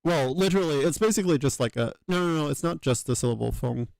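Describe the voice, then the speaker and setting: A man's voice: fairly high pitch, animated, fast, vocal fry, a little mellow, no room sound. A man thinking aloud as he works, hesitant, with many fillers and self-corrections. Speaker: channel host working through a reconstruction. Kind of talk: thinking aloud while working.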